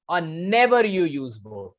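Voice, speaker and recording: A man's voice: a little high, very animated, measured pace, lo-fi sound. A man with an Indian English accent teaching a live online English lesson. He is emphatic, repeats key phrases and quizzes his students. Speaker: English communication coach.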